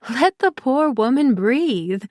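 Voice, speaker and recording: A woman narrator voicing a gentle, apologetic woman who is new to the group, in an audiobook. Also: on the high side, normal speed, no echo, clean studio sound, natural voice.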